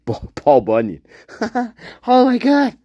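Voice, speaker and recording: A man's voice: very high-pitched, huge pitch swings, takes it slowly, warm tone, dry recording, clean studio sound. A man hosting a casual livestream chat, joking around and laughing between lines, sometimes dropping to a whisper. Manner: drops into breathy whispers at times. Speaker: livestream host.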